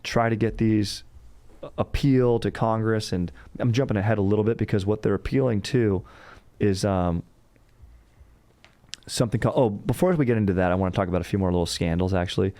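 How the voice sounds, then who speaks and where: A man's voice: lowish voice, brisk, mellow, dry recording. A man hosting a comedic history podcast, telling it in a rambling, joking and profane way. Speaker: podcast host. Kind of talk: casual comedic history talk.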